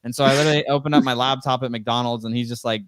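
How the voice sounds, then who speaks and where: Young male guest, smooth clear voice, dry close sound, rambling storyteller who acts out quotes. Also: medium pitch, steady tone, racing, fairly bright tone, dry recording. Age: 20s. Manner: rambling, heavy use of "like" and "you know"; acts out quoted dialogue in a raised voice. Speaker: interview guest, real estate investor. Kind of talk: casual storytelling interview.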